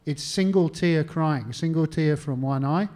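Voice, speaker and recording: Australian male historian, mellow tone, chatty anecdotal interviewee who acts out his phone calls. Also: on the high side, unhurried. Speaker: historian and author. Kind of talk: conversational interview answers. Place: stage talk at a literary venue.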